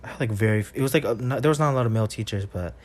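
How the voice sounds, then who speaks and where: A young man in casual podcast chat, swearing freely as he spins school stories. He laughs through his own punchlines. His voice sits at an ordinary pitch. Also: very fast. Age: young adult. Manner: loose storytelling, heavy cursing, laughing as he goes. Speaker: podcast co-host.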